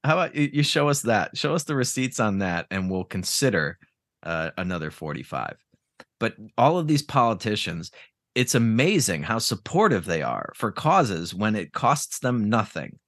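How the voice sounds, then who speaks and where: A man's voice: fairly low pitch, very animated, moderate pace, a bit bright, no room sound, studio quality. A man in casual podcast chat, ranting with profanity and sarcasm.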